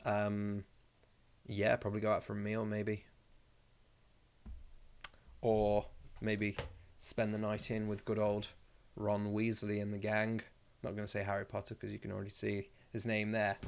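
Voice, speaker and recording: A man's voice: on the low side, monotone, unhurried, creaky, clear, resonant tone. A young man hosting a casual live stream. He reads viewer comments aloud and rambles through his replies with jokey asides.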